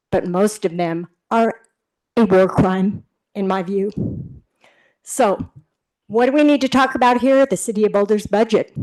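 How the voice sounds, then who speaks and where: A woman's voice: medium pitch, a little mellow, poor audio. Indignant woman giving public comment. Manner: indignant, combative. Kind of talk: public comment at a city board meeting.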